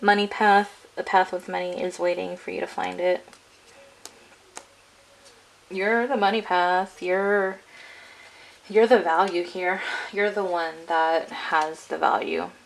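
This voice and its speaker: A woman's voice: on the low side, steady tone, takes it slowly, vocal fry, pauses often, slight background noise, poor audio. A woman giving a casual, rambling tarot reading to her viewers, full of "like" and "I'm getting.". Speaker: tarot card reader.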